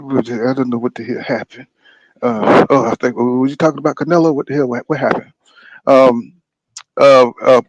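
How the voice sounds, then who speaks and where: A man's voice: mid-range voice, no room sound. A man hosting a boxing podcast. He talks in a casual, rambling way, gets heated and swears a lot, and keeps saying "you know what I'm saying". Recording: dull, dry lo-fi sound.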